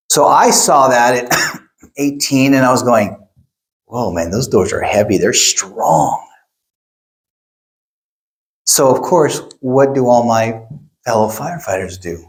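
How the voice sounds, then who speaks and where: A middle-aged male pastor preaching a sermon, telling stories in an animated way and acting out quotes. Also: mid-range voice. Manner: animated storytelling, acts out quotes. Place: church.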